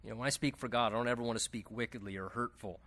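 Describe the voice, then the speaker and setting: This pastor, a man of medium pitch, goes through scripture one verse at a time. He talks in a lively, conversational way, adding side comments and catching his own slips quickly.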